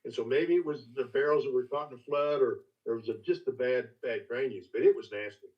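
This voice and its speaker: An older man telling stories as a master distiller guest in a casual, folksy, halting way. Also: mid-range voice. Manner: folksy, halting, with many restarts. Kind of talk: casual storytelling. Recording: distant, dull lo-fi call audio.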